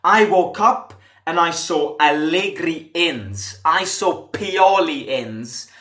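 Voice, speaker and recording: A man's voice: a little high, expressive, slow, a bit bright. A man hosting a football fan channel, delivering an impassioned commentary rant full of emphatic rhetorical questions and frequent restarts. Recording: echoey room.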